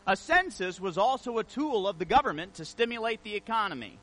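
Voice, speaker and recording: A man preaching a sermon, telling a personal story in a relaxed, conversational way before reading scripture aloud. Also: sits high, brisk, poor audio. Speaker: pastor.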